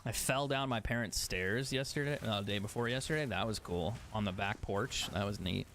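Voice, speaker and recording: A man's voice: on the low side, fairly quick, fairly bright tone. A man streaming a video game, chatting casually, swearing often and laughing at himself. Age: adult. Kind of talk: casual chat while gaming.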